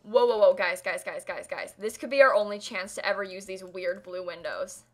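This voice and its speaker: A woman's voice: mid-range voice, moderate pace. A young woman live-streaming a game build, chatting casually and laughing often as she thanks viewers. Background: faint music and keyboard typing.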